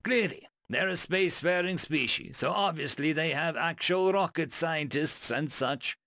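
A man's voice: fairly high pitch, unhurried, gravelly, bright, forceful tone, dry recording, clean studio sound, heavily acted. A man voicing an earnest, pedantic male alien crewmate who explains things in a matter-of-fact, over-detailed way. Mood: explaining.

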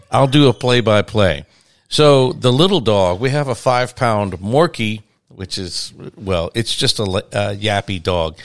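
A middle-aged man co-hosting a casual podcast, rambling and joking his way through a play-by-play. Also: fairly low pitch. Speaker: podcast co-host. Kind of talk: casual chat.

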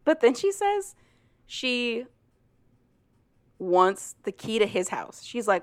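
A woman's voice: fairly high pitch, slow pace, pauses often, dry recording. A woman chatting casually on a podcast, retelling a story with lots of "like" and frequent laughter. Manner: animated, laughs often, full of "like".

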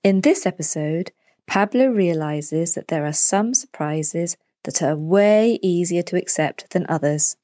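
A woman narrating a children's story as the storyteller, in a clear and deliberate way. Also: fairly low pitch, mellow, dry recording, studio quality.

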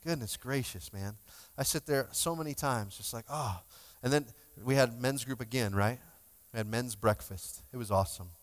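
A man's voice: medium pitch, moderate pace. A male pastor giving a sermon in a conversational, emotional way, joking with his congregation. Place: church sanctuary. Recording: long hall reverb.

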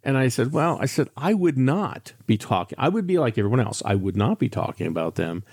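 The older man hosting this financial radio show has a medium-pitched, sing-song voice that runs slightly fast, with a darkish tone and a breathy edge. As a financial advisor, he delivers a chatty, candid monologue of frank stories, restarting often. The sound is dry and of studio quality.

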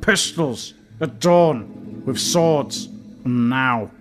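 A man putting on a shrill, purring melodramatic barmaid. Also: drawn-out words. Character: shrill theatrical female bar regular. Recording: music playing behind.

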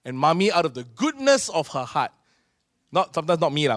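Singaporean pastor preaching with animated storytelling. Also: male voice, on the high side, fairly quick, dry recording, clean studio sound. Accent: Singaporean English. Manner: animated storytelling, acting out voices of people in his stories. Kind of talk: sermon.

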